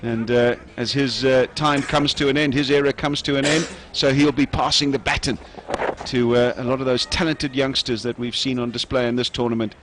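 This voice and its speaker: A man giving live cricket commentary in a measured way, often pausing with "uh" between phrases. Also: mid-range voice, steady tone, noisy background. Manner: measured, frequent "uh" pauses.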